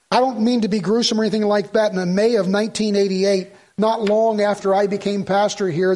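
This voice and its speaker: A middle-aged pastor's sermon fills a church sanctuary; his darkish voice is fairly high for a man. Telling the story in real time, he voices its characters and keeps circling back to repeat or restart phrases.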